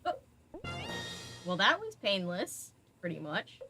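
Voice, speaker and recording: Over music, a young woman streams a video game, chatting casually with her viewers in a mid-range voice at a moderate pace. She talks back to the game as she plays.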